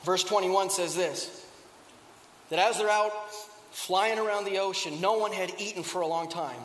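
A man preaches a sermon, retelling a story in an easy, conversational way and turning often to rhetorical questions. His voice sits very high. The recording carries the long reverb of a large church sanctuary. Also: moderate pace, a bit bright, a little hiss or hum. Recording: echoey hall with long reverb.

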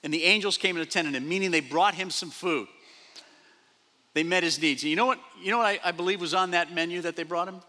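A man pastor preaching a sermon, animated, repeating phrases and acting out quoted speech. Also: sits high, fast talker. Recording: long reverb of a large hall.

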